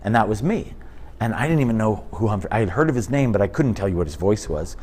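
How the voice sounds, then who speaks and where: A man in his fifties, a comedian chatting in an interview, telling animated stories and slipping into impressions. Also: lowish voice, fast talker, slightly rough. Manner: animated storyteller, drops into impressions. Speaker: comedian guest. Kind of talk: casual interview chat.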